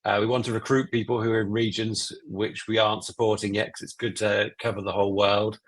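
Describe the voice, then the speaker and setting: A man's voice: on the low side, little pitch movement, fairly quick. A man giving a casual update on an ambassador program during an online call, laughing easily and restarting words.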